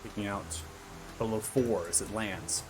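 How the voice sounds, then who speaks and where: A man narrating a tabletop battle as game master, measured and full of fillers. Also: fairly low pitch, steady tone, music in the background.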